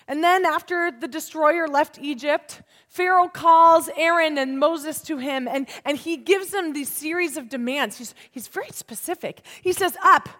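High-voiced woman preaching slowly in a hall. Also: a bit bright. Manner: unhurried and emphatic, asking the listeners questions. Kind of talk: sermon. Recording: long hall reverb.

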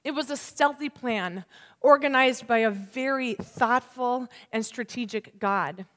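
A woman in her thirties delivers a sermon with a high voice and a slow, deliberate pace. She leans on key words and checks in with her listeners. Her voice carries a long reverb from a large hall. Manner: unhurried and emphatic, asking the listeners questions. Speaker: preacher.

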